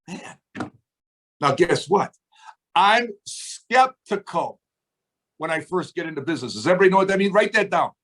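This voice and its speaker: A man with a fairly high voice leads a team meeting over a video call. He teaches in an emphatic, motivational way, throwing rhetorical questions at his listeners and acting out both sides of phone calls. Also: lively intonation, moderate pace, a bit bright. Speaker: business trainer on a team call. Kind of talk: motivational coaching talk.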